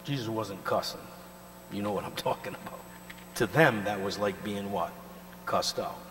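A male pastor preaching a sermon, emphatic and swinging between loud and quiet, often pausing to ask the congregation to finish his sentences. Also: fairly low pitch. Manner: call-and-response questions to the congregation. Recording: reverberant hall with mains hum.

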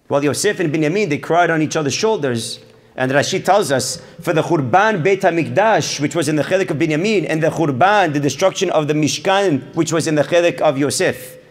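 A man preaching a Torah sermon as a rabbi, his fairly high voice rising in bursts of emphasis and dropping to near a hush. He addresses the listeners directly and peppers his talk with Hebrew terms. The delivery is lively and animated. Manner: emphatic preacher, swings from loud to hushed; sprinkles Hebrew terms, addresses audience as Morai Rabotai.

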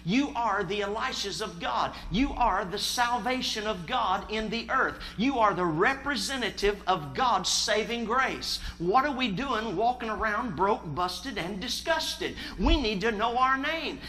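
A man's voice: high voice, sharp tone. A man preaching a sermon, emphatic, calling on the congregation to answer him. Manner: emphatic, calls for congregation responses.

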